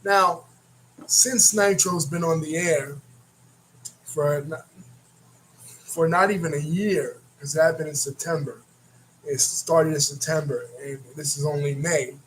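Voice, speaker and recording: A man's voice: fairly high pitch, steady tone, unhurried, pauses often, fairly bright tone, slight background noise, poor audio. A man hosting a casual wrestling recap, rambling and often restarting his words. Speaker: wrestling reaction host.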